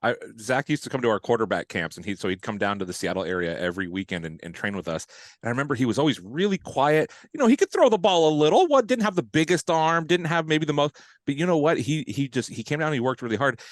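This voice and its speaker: A man hosting a sports podcast, telling stories in a lively, casual way with bits of slang. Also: mid-range voice, fast talker, dry recording. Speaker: podcast host.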